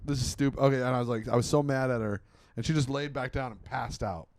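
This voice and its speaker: A man's voice: mid-range voice, fast, darkish tone, no room sound. A man in his thirties co-hosting a podcast, telling a rambling story with lots of swearing. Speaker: podcast co-host. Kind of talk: casual chat, storytelling.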